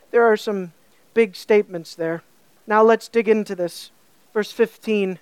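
A woman with a high voice preaches a sermon, pressing her points with rhetorical questions and repeated phrases. The sound is dry and close, with no room around her. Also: clean tone, dry recording. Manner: emphatic, rhetorical questions, building repetition.

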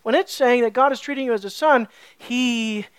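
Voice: medium pitch, normal speed, clear, resonant tone, no echo. Emphatic pastor preaching a sermon. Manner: emphatic, rhetorical questions.

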